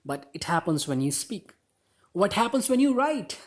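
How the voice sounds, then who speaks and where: A man's voice: sits high, very animated. Man, English grammar teacher, upbeat lesson, rhetorical questions, stresses words in examples. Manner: upbeat, addresses viewers as guys, asks rhetorical questions; slows down and stresses words when reading example sentences.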